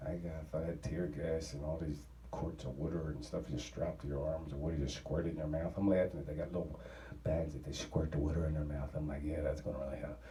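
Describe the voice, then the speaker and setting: A man's voice: very deep voice, steady tone, fairly quick, warm tone, roomy sound, far from the mic, slight background noise, rough recording. A man, rambling through a profane travel story in a casual, offhand way. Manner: profane, rambling, laughing at his own story.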